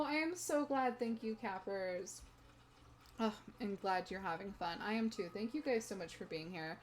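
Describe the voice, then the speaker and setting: A woman's voice: medium pitch, a little hiss or hum. A young woman chatting casually to her viewers while streaming a game from home, laughing often. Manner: giggly, chatty, talks to chat. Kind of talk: casual gaming stream chat. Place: home room.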